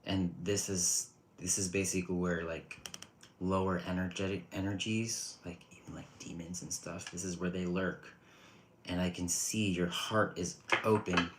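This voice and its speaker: Low-voiced chatty man giving readings. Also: level tone, measured pace, fairly bright tone, slight background noise, poor audio. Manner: chatty, rambling, restarts often. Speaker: tarot reader. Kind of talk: casual livestream reading.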